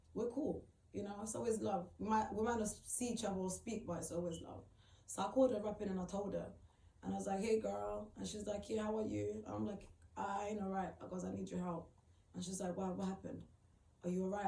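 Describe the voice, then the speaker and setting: A young woman retells an emotional personal story for her vlog, rambling and quoting everyone's words. Her voice is mellow and low in brightness, and it echoes in a roomy space. The mic is set some way off from her. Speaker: vlogger. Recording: echoey room, far from the mic.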